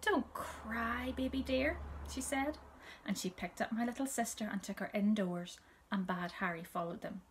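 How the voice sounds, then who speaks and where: A woman reading a children's story aloud, soft and gentle, often dropping to a whisper. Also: medium pitch, slight background noise.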